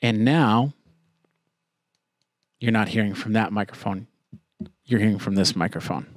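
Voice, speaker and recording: A man's voice: fairly low pitch, unhurried, no echo, clean studio sound, faint music behind. Chatty man demoing audio gear. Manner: relaxed, chatty, explains step by step. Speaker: tech reviewer. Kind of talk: casual product demo.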